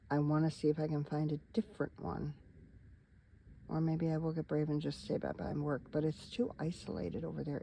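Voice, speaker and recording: A woman's voice: sits low, mellow, a little hiss or hum, low-quality recording. A tired middle-aged woman vlogging from inside her parked van at night, chatting in a rambling, wandering way straight to her viewers. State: tired, yawning. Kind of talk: casual rambling vlog chat.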